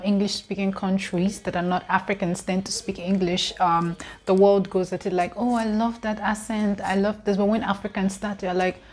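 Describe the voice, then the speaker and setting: A young Nigerian woman with a Nigerian accent, chatting casually to camera as a vlogger, emphatic and quick to laugh between points. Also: mid-range voice.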